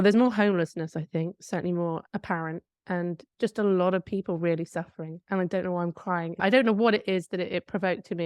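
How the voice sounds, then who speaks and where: A woman's voice: lowish voice, no room sound, studio quality. Woman telling a candid story. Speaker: podcast co-host. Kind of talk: casual chat.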